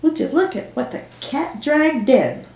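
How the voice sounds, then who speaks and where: A woman's voice: medium pitch, normal speed, close to an everyday voice. A woman reading the part of a tart small-town cashier in her late thirties, teasing and scolding. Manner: teasing, then sharp and scolding. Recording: roomy echo.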